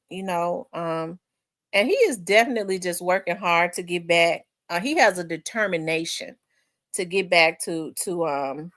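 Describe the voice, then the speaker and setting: A woman with a Memphis Southern accent, hosting a livestream in casual chat, rambling and repeating herself and quick to laugh while she reads viewer comments. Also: fairly low pitch, fairly bright tone, no echo, studio quality. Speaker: livestream host.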